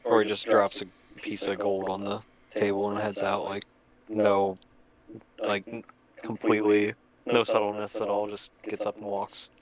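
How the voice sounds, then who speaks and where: Low, monotone male player, laid-back. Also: moderate pace, over a noisy crowd, poor audio. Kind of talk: casual tabletop play.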